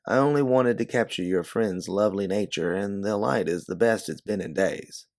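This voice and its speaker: A man voicing a polite, apologetic gentleman photographer from an earlier era. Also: lowish voice, moderate pace, dry recording, clean studio sound, close to an everyday voice. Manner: courteous and apologetic.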